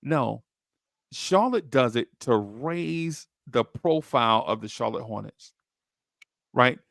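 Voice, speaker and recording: A man hosting a basketball podcast, telling stories in slangy, excitable chat and jumping into high voices when he quotes people. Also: slow, vocal fry, no echo, clean studio sound. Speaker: podcast host. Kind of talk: animated storytelling chat.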